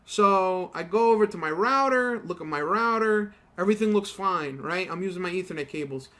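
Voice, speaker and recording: A man's voice: high voice, lively intonation, brisk, sharp tone. A young man telling a rambling, profane story while commenting on his gameplay. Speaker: gaming YouTuber.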